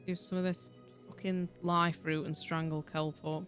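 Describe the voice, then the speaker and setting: A woman's voice: low-pitched, level tone, moderate pace. A young woman with a Yorkshire accent chatting casually and rambling while she streams a game, swearing freely and often laughing. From Yorkshire, England. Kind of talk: casual livestream chat while gaming. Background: soft background music.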